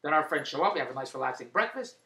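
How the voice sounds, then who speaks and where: A man telling a rambling comic story on his vlog, excitable and prone to loud exclamations. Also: fairly high pitch, rapid-fire, echoey room. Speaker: vlogger and TV marketer.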